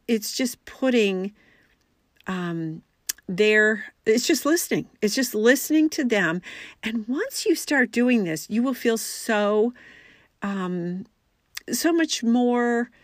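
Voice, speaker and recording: Slow, calm woman radio host. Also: medium pitch, no echo, studio quality. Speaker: radio show host and family communication coach. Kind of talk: radio talk coaching.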